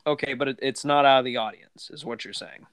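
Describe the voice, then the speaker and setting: A man's voice: medium pitch, steady tone, quick pace, fairly bright tone, clean tone. A man hosting a podcast in casual chat, rambling with lots of fillers and restarts. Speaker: podcast host.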